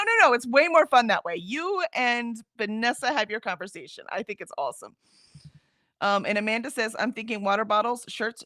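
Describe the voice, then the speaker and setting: A woman's voice: mid-range voice, sharp tone, dry recording, studio quality. A woman hosting a casual livestream, reading viewer comments aloud in a chatty way and laughing often. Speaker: livestream host.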